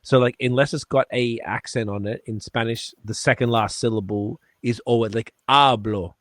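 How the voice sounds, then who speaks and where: A podcast co-host chats casually, rambling along and swearing freely. His voice is medium-pitched and steady at a moderate pace, recorded cleanly in a studio with no room sound.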